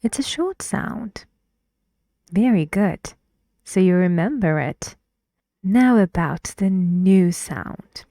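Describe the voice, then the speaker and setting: Slow, patient woman teaching pronunciation. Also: mid-range voice, animated, warm tone, no room sound, clean studio sound. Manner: slow, patient, often drops to a breathy half-whisper. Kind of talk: pronunciation lesson.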